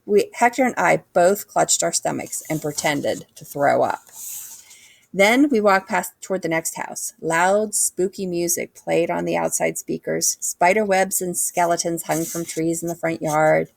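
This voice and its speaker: A woman reads a children's book aloud in a lively, animated way. Her voice sits low with a gravelly texture, and the recording is dry and close. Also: measured pace, no echo. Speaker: reader.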